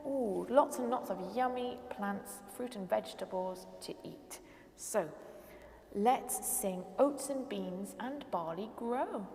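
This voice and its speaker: A woman's voice: mid-range voice, slow pace, creaky, darkish tone, echoey room, in a large hall, a little hiss or hum. A woman leading a toddler music session with nursery rhymes, songs and animal noises, coaxing the group to clap and join in. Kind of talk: sing-song rhymes and songs for small children. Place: church hall.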